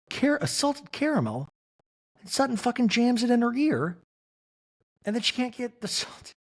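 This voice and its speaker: A young man hosts a comedic reality TV recap, riffing in an exasperated, animated way. His voice rises and falls a lot, and it has a husky grain that sounds worn out. He sits a little above the usual pitch for a man. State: voice getting worn out. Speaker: podcast host.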